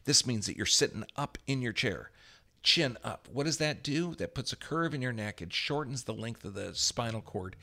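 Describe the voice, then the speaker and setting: A man giving a motivational health talk, emphatic and energetic, swinging his voice up for affirmations. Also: medium pitch, normal speed, gravelly. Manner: energetic, emphatic, repeats affirmations with rising volume. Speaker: health speaker.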